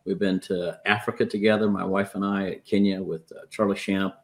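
A man, co-founder of a ministry, introducing himself and his wife in a measured way with some hesitations. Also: sits low, flat delivery. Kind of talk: guest introduction.

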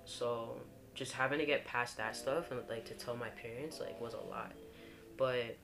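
A woman's voice: very deep voice, steady tone, moderate pace, vocal fry, music in the background. A young woman candidly telling a personal story in casual conversation, full of "like" and "you know". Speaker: guest telling her coming-out story.

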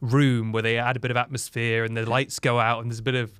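A man co-hosting a podcast, chatting casually with an animated, joking manner and often slipping into quick impressions. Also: medium pitch, smooth, no echo. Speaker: podcast co-host. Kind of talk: casual chat.

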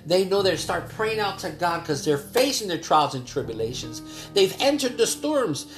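A male pastor preaching a devotional sermon with earnest urgency that swings between loud calls and soft, quiet passages. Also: high-pitched, very animated, moderate pace, roomy sound, soft background music.

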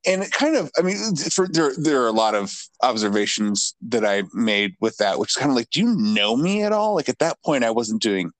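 A man co-hosting a podcast, thinking aloud in a reflective, halting, casual way. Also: medium pitch, expressive. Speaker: podcast co-host.

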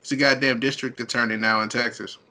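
Bright-voiced man swearing through banter. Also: mid-range voice, fairly even intonation, fast. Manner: profane, laughs often. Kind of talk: casual podcast chat.

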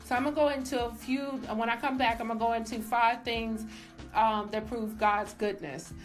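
A woman's voice: a little high, fairly even intonation, moderate pace, faint music behind. A young woman giving a casual personal faith testimony, emphatic and filled with "like", as a show host. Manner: casual, emphatic, says "like" often. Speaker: faith vlogger.

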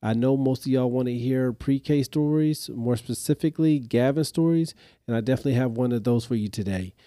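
A man's voice: medium pitch, a little fast, warm tone, no room sound, clean studio sound. A man hosting a podcast, retelling a story casually and animatedly, with growing exasperation. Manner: speaks straight to listeners in slang. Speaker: podcast host.

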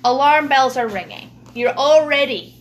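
A woman's voice: high-pitched, expressive, moderate pace, a little hiss or hum. A woman telling a funny childhood story in casual chat, laughing and using lots of fillers.

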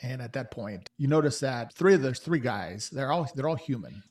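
A man with a husky, slightly breathy voice narrates as the game master of a tabletop game. He talks in a loose, halting way, often restarting his sentences. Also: medium pitch, expressive, a little mellow.

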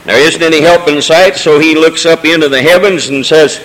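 A pastor delivers his sermon in a fairly high voice, drifting from easygoing asides into swelling, emotional cadences. His words ring out with the long reverb of a church sanctuary. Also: moderate pace, hardly any pauses, a bit bright. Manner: preaching with folksy asides and rising emotional cadences. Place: church sanctuary during a service.

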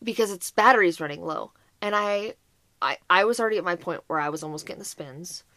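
A woman co-hosting a podcast, telling a chaotic holiday story in casual, animated chat, swearing and laughing as she goes. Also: lowish voice, a little fast, no echo. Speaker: podcast co-host.

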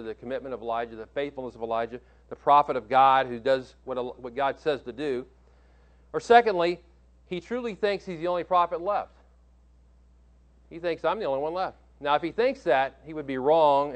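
Man, pastor, sermon, slightly high pitch, emphatic, repeats himself, self-corrects. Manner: emphatic, repeats key phrases, asks the congregation questions; frequent restarts and self-corrections.

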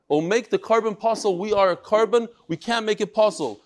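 Middle-aged man, Torah class teacher, slightly high voice, animated, Yiddish and Hebrew words in English. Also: fairly quick, few pauses. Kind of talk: lively class talk with readings.

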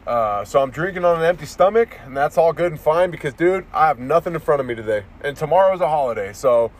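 A man's voice: a little high, expressive, fast talker. A man ranting in a casual monologue as a vlogger, profane and rambling, restarting his sentences often.

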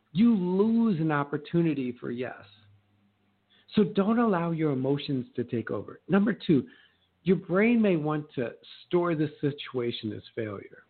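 A middle-aged man gives a motivational talk as a real estate coach, slipping into different voices to act out conversations. His voice sits a touch high for a man. The sound is narrow and phone-like, as if heard down a telephone line. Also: husky. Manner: animated, acts out quoted exchanges in changing voices.

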